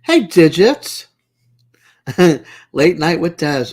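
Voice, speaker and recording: Speaking slowly with a fairly low pitch, a woman hosts a casual livestream from her home. She chats with live viewers, naming them as she giggles and teases.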